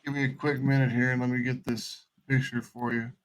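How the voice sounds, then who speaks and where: A man running an online tabletop game as game master, explaining in a relaxed, conversational way. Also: medium pitch, fairly quick, poor audio.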